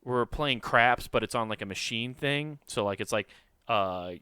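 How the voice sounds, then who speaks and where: Podcast co-host from Iowa, a man with a bright, clear voice, for chatty anecdotes with laughs. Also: mid-range voice, moderate pace, no room sound, studio quality. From Iowa, USA. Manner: animated, laughing, acts out quoted voices. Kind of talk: casual storytelling chat.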